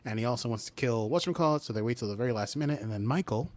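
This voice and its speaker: A man co-hosting a casual podcast, walking through a TV episode at a mid-range pitch. He talks with animation and slips into the characters' voices when he quotes them. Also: very fast. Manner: animated, acts out character lines while recapping. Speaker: podcast co-host. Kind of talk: casual recap chat.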